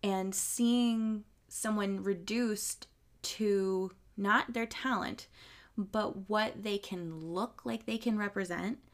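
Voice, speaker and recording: A woman's voice: mid-range voice, a bit bright. A woman hosting a podcast, talking in a casual, thoughtful, articulate way. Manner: thoughtful, articulate, sometimes quick. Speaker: podcast host. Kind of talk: casual interview conversation.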